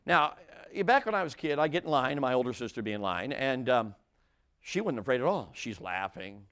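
A man's voice: mid-range voice, brisk. An older man preaching a sermon to a congregation, telling a humorous story and often asking the audience questions. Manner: animated, audience-engaging, frequent restarts and asides. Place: church before a congregation.

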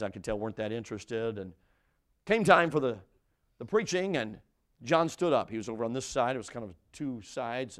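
Man preaching with dramatic swings in loudness. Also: mid-range voice. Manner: dramatic, swings from loud to hushed; repeats phrases and restarts. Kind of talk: sermon storytelling.

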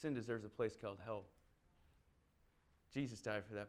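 A man's voice: fairly low pitch, normal speed. Chatty man preaching with stories. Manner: chatty, humorous, animated. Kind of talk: sermon with storytelling.

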